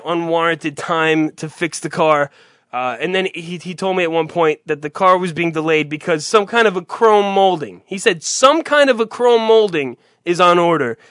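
A man's voice: a little high, fairly bright tone, dry recording, studio quality. A man hosting a talk show, telling a long, profane, rambling story in exasperation. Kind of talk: profane comedic rant.

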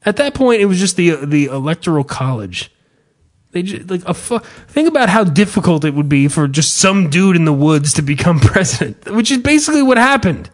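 A man's voice: high-pitched, sing-song, brisk. A man telling a sarcastic, profanity-laced comedic story in casual podcast chat.

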